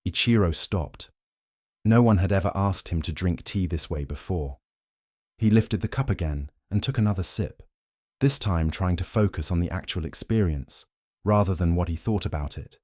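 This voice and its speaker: A man giving calm, slow, soothing scripted narration of a bedtime story, close to the mic. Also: low-pitched, dry recording.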